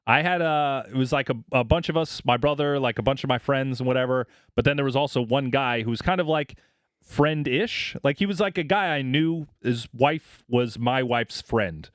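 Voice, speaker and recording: A man's voice: mid-range voice, normal speed, no echo, clean studio sound. Rambling, profane man telling stories. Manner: rambling, profane, many fillers like "like" and "you know". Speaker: podcast co-host. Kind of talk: casual storytelling chat.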